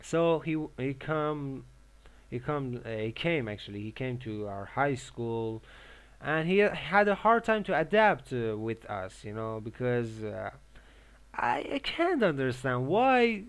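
A young man from Iran speaks English in a relaxed, unscripted monologue. His voice is smooth and resonant at a mid pitch. He stops often on filler sounds and restarts his sentences as he explains his tips for learning English. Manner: halting, with many filler pauses and restarts. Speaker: English learner giving advice. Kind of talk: casual monologue.

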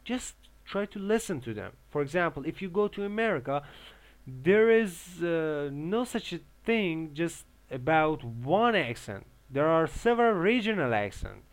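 A young man from Iran, talking casually as an English learner giving advice, with many filler pauses and restarts. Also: fairly high pitch, very animated. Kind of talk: casual monologue.

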